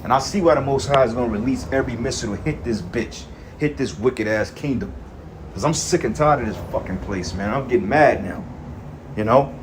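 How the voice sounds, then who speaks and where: A man's voice: mid-range voice, fairly quick, noisy background. A man preaching in an angry, profane rant, reading scripture verses and then commenting on them. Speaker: street preacher.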